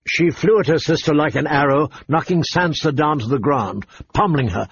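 A man narrating a novel in an even, storytelling delivery, in a dull, faintly noisy recording. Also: fairly high pitch, normal speed, few pauses. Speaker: audiobook narrator. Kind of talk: scripted narration.

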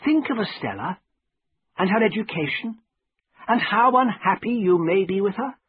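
A man voicing an earnest, cheerful young male friend who pleads gently and seriously, with a husky voice. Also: a little high, wildly swooping pitch, normal speed, no room sound, pitched above the performer's own voice, exaggerated voice. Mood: earnest pleading. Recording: narrow tinny phone-like sound.

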